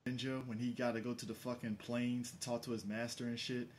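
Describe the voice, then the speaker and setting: A man co-hosting a casual movie chat, excitable and profane, laughing often. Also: medium pitch, a little fast, a little hiss or hum. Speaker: podcast co-host.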